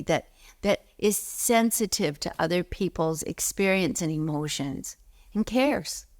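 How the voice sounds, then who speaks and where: A woman giving a spiritual teaching talk, expressive, swinging between emphatic highs and soft near-whispers.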